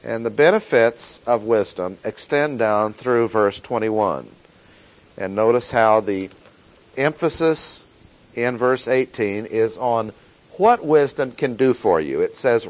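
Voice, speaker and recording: A man teaching a Bible lesson, reading verses aloud and stressing key words deliberately. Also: mid-range voice, expressive, poor audio.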